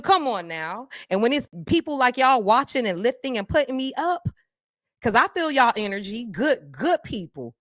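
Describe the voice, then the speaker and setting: A woman, hosting a live stream and talking straight to her viewers. She swings between fervent, preacher-like calls and low, confiding asides. The sound is dry and close to the mic. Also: dry recording. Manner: animated, preacher-like call and response. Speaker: podcast host.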